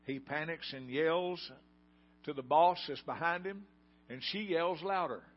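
Folksy older preacher telling a story. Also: male voice, fairly high pitch, unhurried. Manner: folksy storytelling, asks the congregation questions. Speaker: pastor. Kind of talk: sermon. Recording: dull lo-fi sound.

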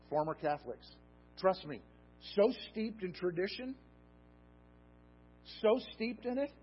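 A man preaching a sermon, animated and conversational, swinging from emphatic peaks to low, soft asides. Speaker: pastor. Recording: dull lo-fi sound with faint music.

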